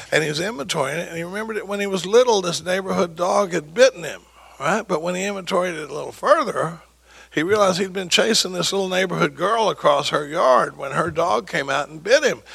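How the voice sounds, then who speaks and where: A man's voice: a little high, creaky, fairly bright tone, husky. A man, giving a joking, story-filled recovery talk to an audience. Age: 60s. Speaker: recovery meeting speaker.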